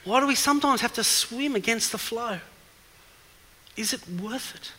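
A man's voice: extremely high pitch, moderate pace, pushed and bright, slight background noise. A man preaching an evening sermon who asks questions and presses home his points with emphasis, recorded in a church hall with a long reverb. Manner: questioning, emphatic, rises in force.

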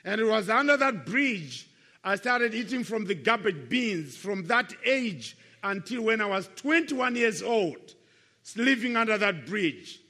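A man's voice: high-pitched, very animated, unhurried, pushed and bright. Earnest older man preaching in an echoey hall. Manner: earnest, emphatic, repeats key phrases. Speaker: Christian speaker giving his life testimony. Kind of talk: testimony sermon to young people.

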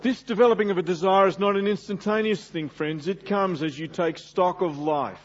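A man's voice: high voice, moderate pace, a little hiss or hum. A middle-aged man preaching a sermon, speaking earnestly and directly to his congregation. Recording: dull lo-fi sermon recording.

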